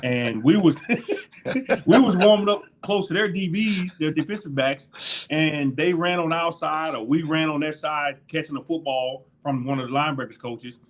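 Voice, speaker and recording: Speaking at a moderate pace in a slightly high voice, a former NFL linebacker in middle age swaps locker-room stories as a guest in a casual interview. He's animated, laughing frequently and acting out the lines of others.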